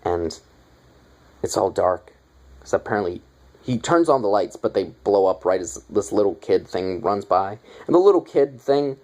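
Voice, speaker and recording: A man giving a casual, rambling movie review, excited and swearing a lot. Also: lowish voice.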